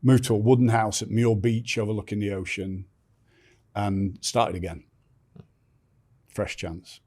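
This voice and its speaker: A man's voice: on the low side, flat delivery, unhurried, dark tone. An older man telling his life story candidly as a podcast guest, blunt and swearing freely, often restarting sentences.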